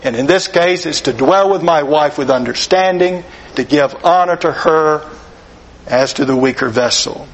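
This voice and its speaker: A man preaching a sermon, slow and deliberate, earnest, asking rhetorical questions of his listeners. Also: fairly high pitch, rough recording.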